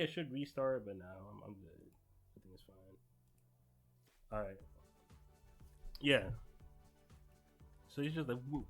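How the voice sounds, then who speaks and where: A young man hosting a casual manga reaction vlog, excitable and slangy, swearing and talking straight to his viewers. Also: fairly high pitch, breathy edge.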